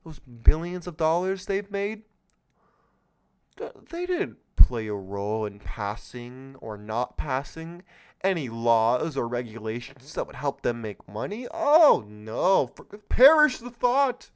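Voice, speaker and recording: A man's voice: mid-range voice, big pitch swings, unhurried, smooth. A man hosting his own commentary podcast, talking in a sarcastic, mocking way with lots of exclamations. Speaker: podcast host. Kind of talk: solo political commentary podcast.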